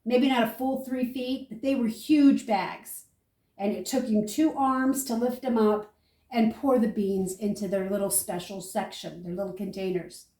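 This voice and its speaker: An older woman homesteader, chatting through a food-storage demonstration and telling stories in a lively, animated way. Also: medium pitch, normal speed, roomy sound, recorded from a distance. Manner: chatty, animated storyteller, talks viewers through each step. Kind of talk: casual how-to and storytelling.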